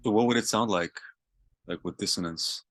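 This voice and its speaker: A man's voice: fairly low pitch, moderate pace, fairly bright tone. A man listening in a music lesson, mostly answering with short agreeing replies.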